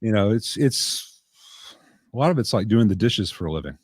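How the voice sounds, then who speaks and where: A rather low-pitched man with a light Southern American lilt chats loosely and drily on a video call. His voice sits close and dry, with no room around it, and he jokes in a deadpan way while circling back on his words. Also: normal speed, husky, dry recording. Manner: chatty, dry humor, frequent restarts. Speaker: guest amp technician. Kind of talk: casual live chat.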